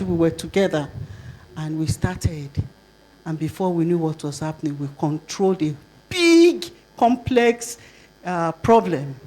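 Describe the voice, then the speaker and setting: An older woman with a Nigerian accent giving a conference talk, lively and asking the audience rhetorical questions. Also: fairly low pitch. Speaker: conference speaker.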